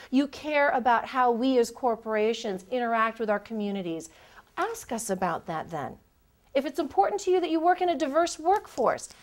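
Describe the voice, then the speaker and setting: A woman giving a public lecture on job interview skills, animated and acting out the voices she quotes. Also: a little high. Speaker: career lecturer. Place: lecture room.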